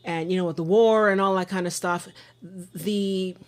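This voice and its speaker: A woman's voice: lowish voice, fairly even intonation, normal speed. Earnest rambling woman podcast host. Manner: rambling, repeats words, earnest. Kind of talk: emotional casual discussion.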